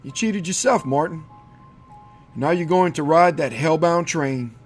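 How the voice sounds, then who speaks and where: A man voicing a sly, grinning devil who works as a train conductor, speaking in a smooth, mocking, unhurried way. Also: fairly high pitch, faint music behind.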